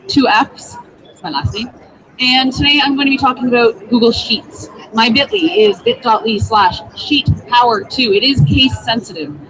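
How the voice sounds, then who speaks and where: A woman from Ontario with a Canadian accent, giving a bubbly, self-deprecating tech presentation at a conference. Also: a little high. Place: busy conference floor. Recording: noisy crowd in background.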